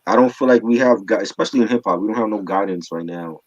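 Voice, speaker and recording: A man's voice: fairly low pitch, fast, no room sound, muffled recording. A man co-hosting a casual hip hop album review, slangy, joking and opinionated.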